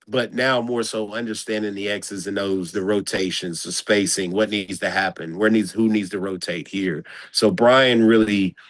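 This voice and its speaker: Male coach guest, deep voice, dry sound, casual, animated and slangy. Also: dry recording. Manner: animated, slangy, repeats phrases. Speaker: basketball coach. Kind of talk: casual interview chat.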